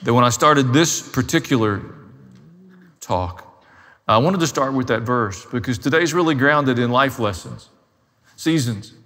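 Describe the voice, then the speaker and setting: A man's voice: medium pitch, expressive, a little slow, long pauses, fairly bright tone, big-room sound. A man preaching a sermon as a pastor, telling his own story in a candid, self-deprecating way.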